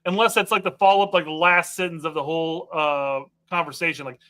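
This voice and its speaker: Bright-voiced opinionated male podcast host. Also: on the high side, steady tone, brisk, few pauses. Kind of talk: casual soccer chat.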